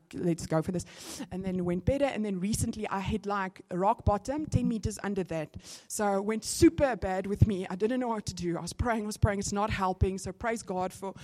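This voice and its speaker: A woman with a South African accent tells a testimony in a sermon, bursting into lively acted-out dialogue. Her voice sits at a middling pitch and swings with feeling as she preaches. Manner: animated storytelling, acting out conversations. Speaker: church speaker.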